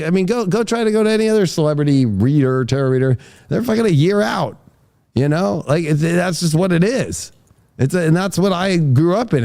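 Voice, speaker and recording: Male podcast host: slightly high, soft-toned voice, profane and rambling. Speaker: tarot reader and podcast host. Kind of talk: casual podcast conversation.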